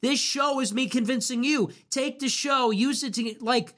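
A man hosting a livestream, talking casually and sarcastically in a rambling way that swings between loud and muttered. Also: high-pitched, slow. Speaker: livestream host. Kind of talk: casual livestream talk reading viewer messages.

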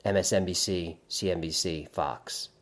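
A man's voice: low-pitched, steady tone, normal speed. A man hosts a loose, chatty livestream and reads viewer comments aloud. He goes off on wry, rambling asides and often breaks into laughter at his own jokes. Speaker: livestream host reading chat. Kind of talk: casual livestream chat.

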